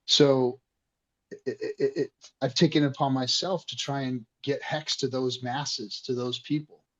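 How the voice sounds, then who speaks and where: A man's voice: mid-range voice, steady tone, a little slow, lo-fi sound. A man hosting an online community discussion, speaking passionately and emotionally with frequent swearing.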